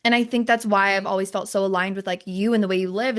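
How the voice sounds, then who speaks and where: A young adult woman hosting a podcast, talking in an animated, casual way with lots of fillers. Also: mid-range voice, fast. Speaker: podcast host. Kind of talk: casual chat.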